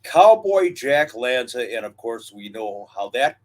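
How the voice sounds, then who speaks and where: Older male podcast co-host, casual reminiscing delivery, unhurried with fillers. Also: mid-range voice, sing-song. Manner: storytelling, reminiscing, drawn-out pauses and fillers. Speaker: wrestling history podcast co-host. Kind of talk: casual historical chat.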